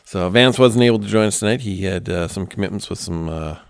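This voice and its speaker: A man's voice: lowish voice, brisk, smooth, dry recording. A man hosting a casual podcast chat, laid-back and rambling, swearing casually. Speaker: podcast host.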